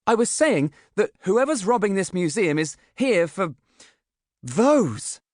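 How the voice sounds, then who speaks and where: A man's voice: high voice, sing-song, slow, no room sound, studio quality, pitched above the performer's own voice, full character voice. A man doing a bossy, clever girl. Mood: insistent. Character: bossy clever young girl, a bit smug.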